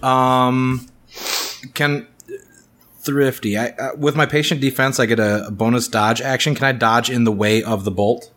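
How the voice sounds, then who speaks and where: A man's voice: mid-range voice, fairly even intonation, measured pace, a bit bright. A man playing in a tabletop game who works out his moves aloud, hesitating often and asking the table questions. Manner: hesitant, thinks aloud with many ums. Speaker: player. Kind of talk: casual tabletop game chat.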